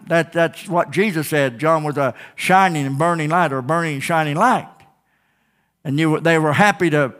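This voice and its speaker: Emphatic preacher, a man pitched a bit high. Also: a bit bright. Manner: storytelling preacher, acts out quoted exchanges, calls out "Amen?"; slows and stretches key phrases for emphasis. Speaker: pastor. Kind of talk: sermon.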